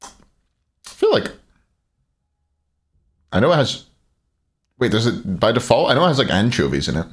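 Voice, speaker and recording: A man's voice: mid-range voice, wildly swooping pitch, moderate pace, pauses often. A man casting a live esports stream, mixing game commentary with joking banter with his viewers. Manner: joking, chatty banter with chat. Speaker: esports caster and stream host.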